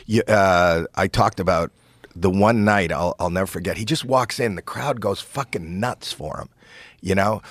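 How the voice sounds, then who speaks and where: A comedian guest, a man telling a stage story in an animated, halting way with many restarts. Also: low-pitched, no echo. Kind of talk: storytelling in a podcast chat.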